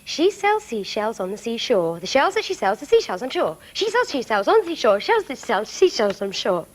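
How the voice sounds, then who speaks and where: A woman presenting a children's TV show, coaxing young viewers along in a bright, sing-song way. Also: on the high side, big pitch swings, brisk.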